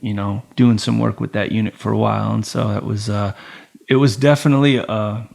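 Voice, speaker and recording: Middle-aged male guest, animated yarn-spinner, swears freely. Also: lowish voice, fairly quick, vocal fry. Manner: animated storyteller, acts out voices in quotes, heavy swearing. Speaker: podcast guest, former Navy SEAL and police officer. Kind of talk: casual storytelling.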